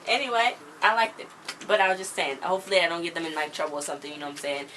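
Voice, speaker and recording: A woman's voice: fairly low pitch, steady tone, racing, sharp tone, slight background noise. A woman casually recapping a TV episode, chatting and retelling scenes with lots of "like" and "you know.". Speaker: TV episode reviewer.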